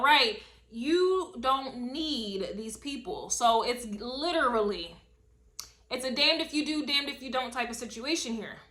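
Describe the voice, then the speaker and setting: Bright, emphatic woman reading tarot. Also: high-pitched, animated, a little slow. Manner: emphatic and slangy, repeating a refrain. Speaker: tarot reader. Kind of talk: casual spoken tarot reading.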